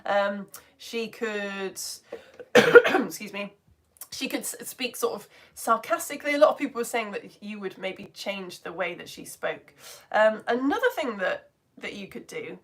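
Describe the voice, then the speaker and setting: A young British woman teaching a live online lesson from home, chatty and quick to laugh, with many restarts. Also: mid-range voice, animated, fairly bright tone. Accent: British English.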